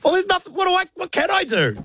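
A man's voice: very high voice, huge pitch swings, quick pace, sharp tone, no echo. A young Australian man co-hosting, telling stories in a mock-exasperated way. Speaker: co-host. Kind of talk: casual radio-style banter.

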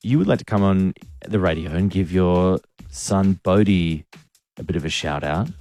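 A man's voice: deep voice, normal speed, darkish tone, faint music behind. A young man hosting a radio show, chatting in a friendly, upbeat way. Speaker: radio host. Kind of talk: casual radio chat.

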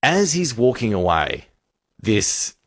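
A man hosting radio, telling a funny story with lively voices for the people in it. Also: on the low side, slow, no room sound, clean studio sound. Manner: animated storyteller, acts out voices. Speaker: radio host.

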